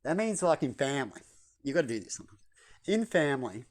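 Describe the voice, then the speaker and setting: A man's voice: medium pitch, sing-song, quick pace. Man, casual home vlog monologue, wandering and repetitive. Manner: loose, repetitive, tags lines with "right?". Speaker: vlogger. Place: at home indoors.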